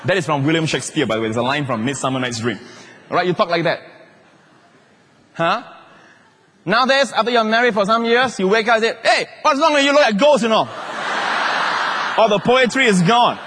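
A middle-aged man preaching a lively, humorous sermon as a pastor. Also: high-pitched, brisk, pauses often, big-room sound, noisy background. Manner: animated, humorous preaching with laughter.

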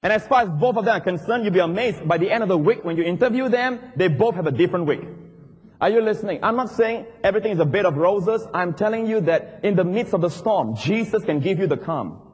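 Pastor preaching in a big hall. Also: male voice, fast, slightly rough. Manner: animated preaching, rising to emphatic highs. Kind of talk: sermon. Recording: long reverb of a large hall.

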